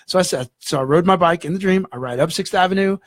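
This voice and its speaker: A man, a guest in an interview, telling a story in an animated way and acting out the voices in it. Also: sits high, fast, no echo, studio quality. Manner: animated, acts out dialogue in the story.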